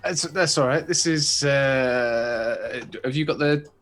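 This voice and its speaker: A man's voice: mid-range voice, slow, fairly bright tone. A British man co-hosting a casual podcast chat, rambling with many restarts. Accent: British English. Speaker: podcast co-host.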